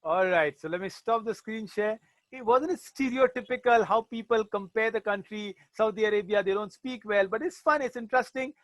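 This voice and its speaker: A man's voice: sits high, normal speed, a bit bright, no room sound. A male teacher giving a chatty, jokey online class, sprinkling in Arabic religious phrases.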